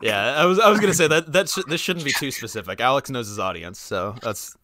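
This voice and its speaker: A man's voice: mid-range voice, animated, fast talker, bright, forceful tone. A man co-hosting a podcast, chatting casually, talkative and prone to repeating himself. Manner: talkative, repeats words, sports-minded. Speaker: podcast co-host. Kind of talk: casual chat.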